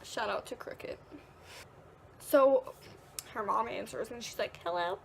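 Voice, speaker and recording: A woman's voice: fairly high pitch, a little slow, vocal fry, fairly bright tone, slight background noise. A teenage girl vlogging, casually telling a story, full of "like" and acted-out quotes. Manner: chatty, peppered with "like", acts out quotes.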